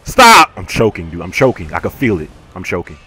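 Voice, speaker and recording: A man commentating his own gameplay, casual and slangy, swinging from low self-critical muttering to sudden yells. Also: animated, fast talker, breathy edge. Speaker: gamer.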